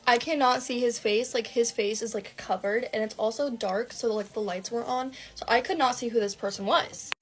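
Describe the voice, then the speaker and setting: A young adult woman vlogger telling a dramatic personal story, animated and breathless, with lots of fillers and swearing. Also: fairly high pitch, moderate pace, hardly any pauses.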